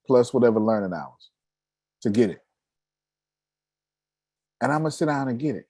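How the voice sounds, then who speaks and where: A man hosting a casual chat, talking in an animated way, often laughing and poking fun at himself. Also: medium pitch, dry recording. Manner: animated, laughing, self-mocking. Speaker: host.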